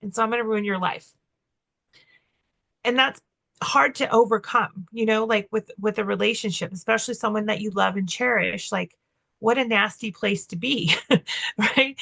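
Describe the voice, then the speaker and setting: Woman guest, candid and expressive; bright, gravelly tone; on a video call. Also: mid-range voice, moderate pace. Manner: expressive, candid, self-reflective. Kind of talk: casual conversation.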